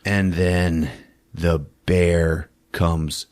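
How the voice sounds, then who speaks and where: A man hosting a podcast, recapping a film as a casual, profane, animated storyteller. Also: sits low, extremely slow.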